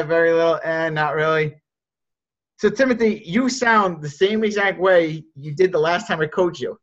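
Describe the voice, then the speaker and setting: A man's voice: high-pitched, muffled recording. A man coaching salespeople on a group video call, blunt and direct, often repeating words as he starts a thought.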